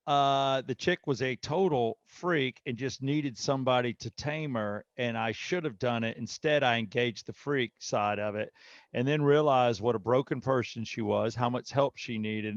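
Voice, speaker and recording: A man's voice: mid-range voice, dry recording, muffled recording. A man, a radio host, joking and boasting in casual studio chat.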